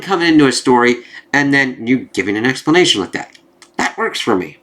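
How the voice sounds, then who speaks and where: A man's voice: medium pitch, very animated, fairly quick, a bit bright. Casual, swearing comic reviewer man. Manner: casual and profane, with many fillers.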